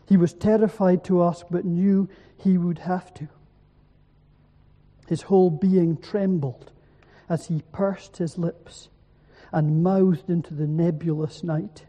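A male preacher delivers a solemn evening sermon in a deep, dark-toned voice, slow and deliberate. He builds his points through emphatic repetition. His voice rings with a long hall reverb and sounds slightly muffled. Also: steady tone.

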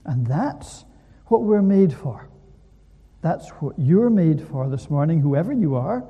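A man delivers a sermon from the pulpit with wide, lively swings of pitch, throwing rhetorical questions at the congregation. He speaks slowly, and his dark, breathy voice carries a long reverb from the church around him. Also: highs cut off. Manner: animated preaching with rhetorical questions. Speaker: preacher.

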